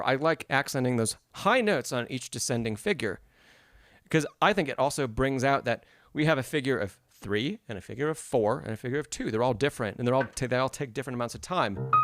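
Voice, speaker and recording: A man's voice: medium pitch, fairly bright tone, no echo, clean studio sound. A man giving an encouraging piano masterclass on a live stream, explaining phrasing and humming passages aloud. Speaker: piano teacher.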